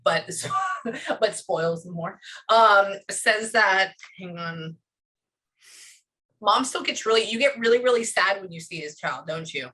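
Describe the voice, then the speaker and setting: A woman working as a psychic medium, relaying messages in a reading, often pausing with "hang on" before carrying on. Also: mid-range voice, bright, forceful tone. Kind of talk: one-on-one reading session.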